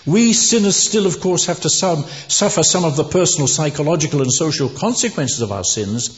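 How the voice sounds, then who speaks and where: A man's voice: fairly high pitch, very animated, brisk, few pauses. A man preaching a sermon, earnest and emphatic, lifting his voice on key words. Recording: dull, echoey hall recording.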